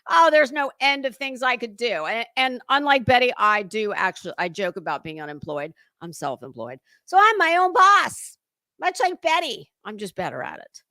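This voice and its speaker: A woman's voice: medium pitch, very animated, moderate pace, hardly any pauses, pushed and bright, dry recording. A woman hosting a casual livestream commentary, talking in a sarcastic, mocking way and chatting to viewers. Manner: sarcastic and mocking, with lots of fillers.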